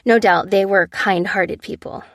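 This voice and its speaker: A woman's voice: medium pitch, fairly even intonation, unhurried, a bit bright, no echo, studio quality. A woman doing a wisecracking graying man. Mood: wry. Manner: wisecracking, sarcastic. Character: wry, sardonic graying middle-aged man.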